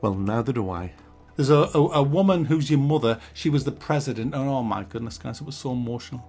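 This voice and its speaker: A man's voice: medium pitch, animated, a little fast, a little mellow, soft background music. A man in his forties giving a mock-serious, sarcastic and sweary game review.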